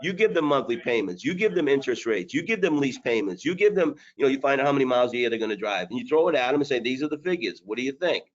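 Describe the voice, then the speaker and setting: A man's voice: medium pitch, big pitch swings, racing, few pauses, highs cut off. A man coaching sales managers on a webinar, blunt and hard-driving, with jokes along the way. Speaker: sales trainer.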